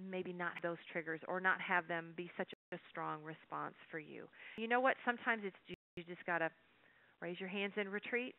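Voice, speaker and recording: A woman's voice: on the low side, no room sound. Woman presenting over a tinny line. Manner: folksy, animated storytelling with asides to the audience. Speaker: workshop presenter. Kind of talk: live webinar lecture. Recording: dry, tinny phone-line sound.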